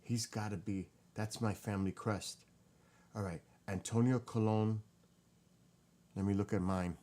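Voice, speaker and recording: Deep-voiced man, emotional vlog. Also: measured pace. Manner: emotional, excited, muttering while reading. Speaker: vlogger. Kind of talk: casual vlog, researching family tree.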